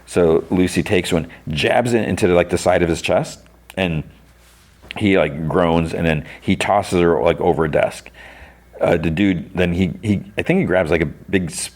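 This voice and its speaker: Brief: a low-voiced male podcast host recapping loosely, with lots of fillers. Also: moderate pace, darkish tone. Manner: rambling, with many "like"s and restarts. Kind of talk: casual plot recap.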